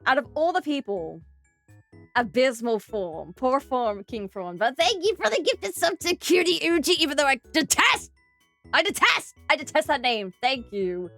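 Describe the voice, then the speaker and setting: A young Australian woman streaming live, chatting with her viewers in an animated, giggly, exclamatory way. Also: high-pitched, unhurried, faint music behind.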